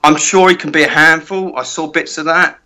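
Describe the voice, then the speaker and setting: A middle-aged man, a guitar tech, telling lively anecdotes in a casual interview and acting out other people's lines. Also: on the high side, fairly quick. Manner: animated anecdote-telling with many quoted voices.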